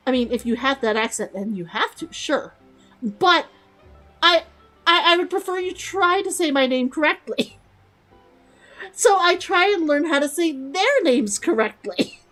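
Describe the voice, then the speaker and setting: A woman's voice: high-pitched, animated, a little slow, a bit bright, soft background music, rough recording. A young woman streaming a video game, chatting casually, rambling, repeating words and laughing often. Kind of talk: casual gameplay commentary.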